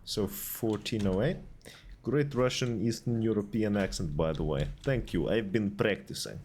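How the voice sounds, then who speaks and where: A man streaming a video game, muttering and thinking out loud as he reads in-game notes aloud. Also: fairly low pitch, normal speed, a little hiss or hum. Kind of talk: casual gameplay commentary.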